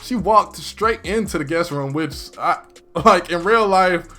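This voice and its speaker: Chatty excitable man recapping a show. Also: sits high, unhurried, faint music behind. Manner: chatty, excitable, full of "like" fillers. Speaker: YouTuber recapping a TV episode. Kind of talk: casual episode recap commentary.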